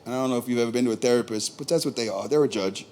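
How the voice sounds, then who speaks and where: A male stand-up comedian from New York performing a profane set on a small bar stage, ranting and swinging from low asides to loud outbursts. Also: racing.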